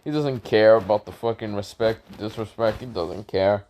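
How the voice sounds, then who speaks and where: A man casually improvising a fan-fiction story, rambling with self-corrections, swearing, and high shouted voices for characters. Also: moderate pace.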